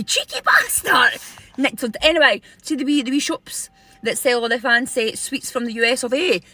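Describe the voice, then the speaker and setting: A woman's voice: high voice, pushed and bright, dry recording. Sweary Scottish woman ranting. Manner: indignant, sweary storytelling. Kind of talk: casual rant to camera.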